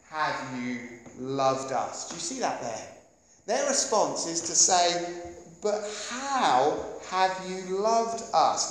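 A man in his thirties with an English accent preaching a sermon, animated and joking with the congregation as he goes. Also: a little high, a little hiss or hum. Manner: animated, jokey asides to the congregation. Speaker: pastor. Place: church hall. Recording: echoey church hall.

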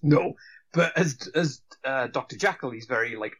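A man's voice: medium pitch, lively intonation, moderate pace, fairly bright tone, breathy edge. A man co-hosting a casual film-review chat, hesitant, full of fillers and restarts, swearing casually. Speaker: podcast co-host.

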